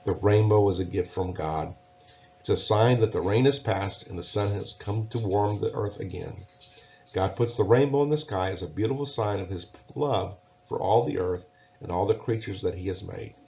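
A man voicing a gentle, reassuring mother bear while reading a storybook aloud. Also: lowish voice, moderate pace, a little hiss or hum, natural voice. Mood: tender. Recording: dull lo-fi recording.

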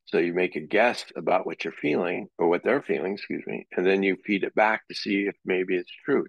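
A man's voice: low-pitched, fairly quick, gravelly, few pauses, no echo, muffled recording. A middle-aged man teaching a psychology class in a conversational way, sometimes acting out example dialogue. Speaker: psychology lecturer. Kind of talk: classroom lecture.

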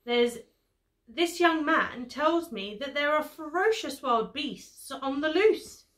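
A woman's voice: high-pitched, animated, slow pace, fairly bright tone, voice pushed up, exaggerated voice. A woman voicing a kindly male bear in a storybook who grows nervous and stammers. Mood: warning. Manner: kindly, then jittery and stammering.

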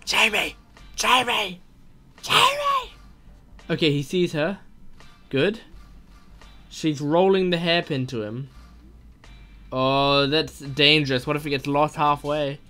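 A man reading a text story aloud and reacting excitedly as it unfolds, gasping and exclaiming at every twist. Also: fairly high pitch, a little slow, pauses often, smooth, soft background music. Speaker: gaming video host.

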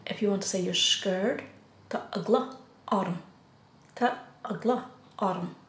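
Irish woman teaching beginners, really slow, says it twice then translates, echoey room. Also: mid-range voice. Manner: repeats each phrase slowly, then gives the English. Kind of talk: slow beginner language lesson.

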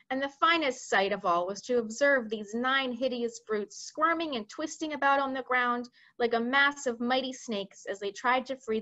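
A woman reading a children's book aloud expressively, pausing now and then to speak to her listeners. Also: fairly high pitch, lo-fi sound. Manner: expressive, addresses listeners directly. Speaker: library read-aloud reader. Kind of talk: storybook read-aloud.

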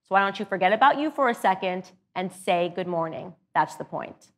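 A woman's voice: mid-range voice, lively intonation, a little fast, noisy background. A woman hosting her show, telling a personal story in an earnest, emphatic way and drawing a lesson from it. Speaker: show host.

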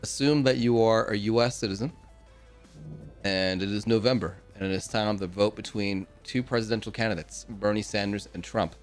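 A man's voice: lowish voice, faint music behind. Upbeat man hosting a game stream. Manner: upbeat, announcing players with quick asides. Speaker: game host. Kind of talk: casual streaming commentary.

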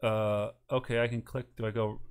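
A man's voice: fairly low pitch, level tone, normal speed, smooth. A man playing a game in casual chat, chatty and reading the game's text aloud. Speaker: gameplay commentator. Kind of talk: casual let's-play chat.

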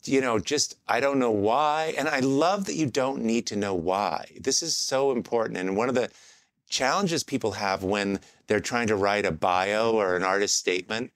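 A man with a fairly low voice hosts a podcast and thinks out loud in a relaxed, reflective way. He often pauses with fillers and restarts his sentences. The sound is dry and close, with no room echo. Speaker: podcast host. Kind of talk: casual podcast talk.

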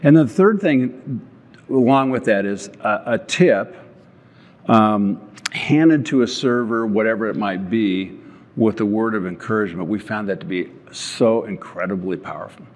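A man's voice: fairly low pitch, a little slow. An older man, a company founder, giving an earnest storytelling talk on stage and often restarting his words. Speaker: company founder speaking at an event. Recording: long hall reverb.

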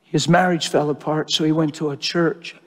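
High-voiced preacher in an echoey hall. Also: male voice, normal speed. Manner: animated, emotional, acts out quoted people. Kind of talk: sermon storytelling. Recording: long hall reverb.

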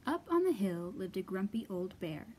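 A woman children's librarian reading a picture book aloud at storytime, with an expressive, sing-song storyteller delivery. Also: medium pitch, moderate pace, husky.

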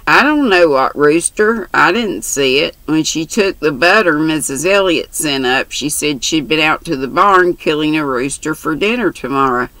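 A woman's voice: sits low, expressive, moderate pace, hardly any pauses, fairly bright tone, dry recording, low-quality recording. A woman voicing a brash, chatty country orphan girl who talks in bossy, boastful slang.

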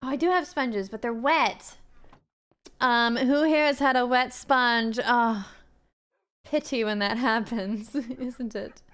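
A woman with a slightly high voice commentates her game live. She camps up a haughty diva act, calls her viewers "darling", and jumps into shrill outrage before dropping back to mutters. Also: takes it slowly, a bit bright. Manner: mock-haughty diva persona, calling chat "darling"; sudden swoops into shrill indignation. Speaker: gaming streamer.

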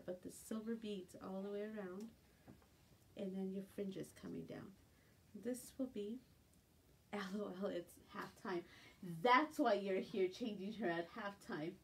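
A woman's voice: mid-range voice, measured pace, creaky, fairly bright tone. A middle-aged woman selling jewelry on a live stream from home, chatting casually and sometimes cooing in baby talk. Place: home at night. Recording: distant phone mic with faint room noise.

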